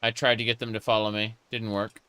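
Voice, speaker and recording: A man's voice: on the low side, little pitch movement, a little fast, bright, forceful tone, clean tone, dry recording. A man casually commenting on his game as he plays, reading chat aloud and joking along. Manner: playful, reads chat aloud and jokes in character. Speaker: gaming streamer. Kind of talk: casual live gameplay commentary.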